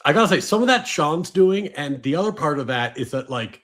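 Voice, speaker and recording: A man's voice: on the high side, sing-song, fairly quick, a bit bright. A man co-hosting a casual livestream chat and reading out viewer messages, with wry asides and frequent laughs.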